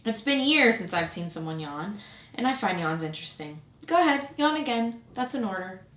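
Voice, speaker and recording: A woman's voice: medium pitch, big pitch swings, moderate pace, fairly bright tone. A woman voicing a pompous old king in a storybook reading, issuing grand, majestic commands. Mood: commanding. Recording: roomy echo.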